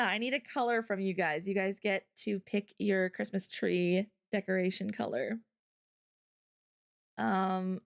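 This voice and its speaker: A woman hosting a livestream in chatty, upbeat casual talk, quick to laugh. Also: mid-range voice, bright, forceful tone. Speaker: streamer host.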